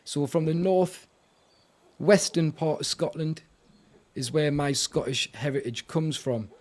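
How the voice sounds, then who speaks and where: A man's voice: fairly high pitch, measured pace. A man with a Northern English accent chatting casually on a live stream, greeting viewers and laughing often.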